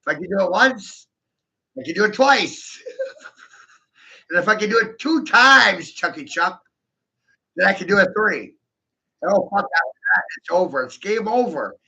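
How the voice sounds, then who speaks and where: In a dull lo-fi recording, a man vlogs in a rambling, profane monologue, giggling repeatedly and posing rhetorical questions straight to the listener. His high, gravelly voice is expressive, bright, and forceful, unhurried with long pauses.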